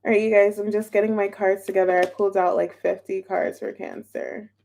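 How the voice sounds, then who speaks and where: A woman's voice: medium pitch, flat delivery, fairly quick, creaky, dark tone. A young woman chatting casually on a live stream as a tarot reader, bubbly and chatty and greeting viewers by name. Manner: chatty, bubbly, reads chat names aloud.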